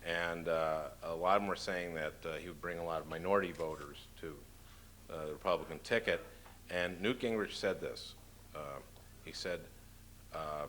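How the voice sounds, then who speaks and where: Here the same kind of talk comes in a low-pitched, slightly bright voice: a Minnesotan author's comic Q&A, full of dry jokes and frequent "uh" pauses. It was captured in a noisy lecture hall.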